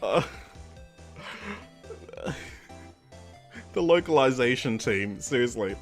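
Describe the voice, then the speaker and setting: A man's voice: medium pitch, animated, slow, long pauses, faint music behind. A man streaming a game, commenting in a self-deprecating, laughing way. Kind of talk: let's play commentary.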